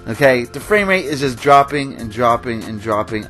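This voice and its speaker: A man's voice: fairly high pitch, big pitch swings, fairly quick, few pauses, bright, forceful tone, faint music behind. Ranting, worked-up gaming host man. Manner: chatty, with frequent fillers and nervous laughs. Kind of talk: casual game commentary over gameplay.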